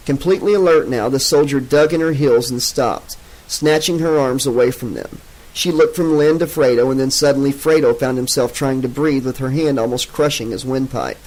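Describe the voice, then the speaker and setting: A man narrating an unabridged audiobook in a steady, even storytelling manner. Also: mid-range voice, normal speed, poor audio.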